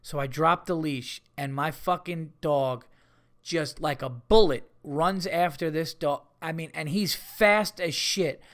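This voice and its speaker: A man hosting a comedy podcast, telling rambling, profane stories in a casual, animated way. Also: on the high side.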